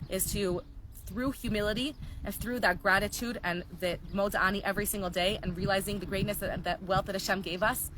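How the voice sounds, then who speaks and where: Brief: fast, animated woman teacher telling stories, noisy clicking background. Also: medium pitch. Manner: storytelling, animated, earnest. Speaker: Torah teacher. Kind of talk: live online class.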